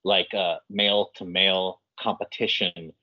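A man's voice: deep voice, little pitch movement, measured pace, no echo, highs cut off. A man hosting a podcast, asking casual, reflective follow-up questions. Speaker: podcast host. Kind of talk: casual interview chat.

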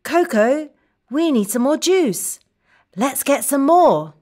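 A woman's voice: sits high, sing-song, slow, dark tone. A woman teaching children English in a scripted cartoon lesson, talking in an exaggerated sing-song way that coaxes kids to repeat phrases.

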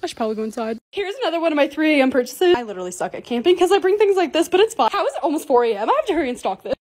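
Young woman, lifestyle vlog narrator; bubbly, self-deprecating, quick delivery. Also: sits high, very animated, darkish tone. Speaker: lifestyle creator. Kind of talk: casual voice-over vlog narration.

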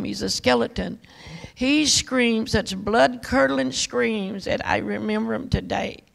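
A woman's voice: on the high side, gravelly. A woman preacher telling a testimony sermon in an emphatic, repetitive storytelling manner, addressing the congregation directly.

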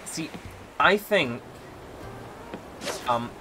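A man hosting a casual let's play, rambling through his plans with many pauses and fillers. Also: a little high, over music. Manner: rambling, relaxed, lots of ums and likes. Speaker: gaming channel host.

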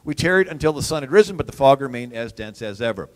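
A man telling history stories as an animated storyteller, swinging from loud to hushed and laughing at his own jokes. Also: medium pitch, quick pace. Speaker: historian and radio host. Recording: long hall reverb.

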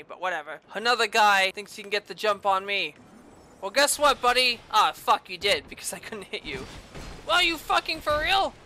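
Loud, bright-voiced woman gamer. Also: on the high side. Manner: loud, exclamatory, heavy swearing. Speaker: let's play host. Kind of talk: casual gameplay commentary.

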